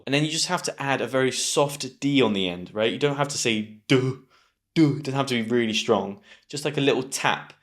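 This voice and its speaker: A man with a British accent giving an online English pronunciation lesson, patient and clear, slowing down to drill each sound. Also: mid-range voice, a bit bright.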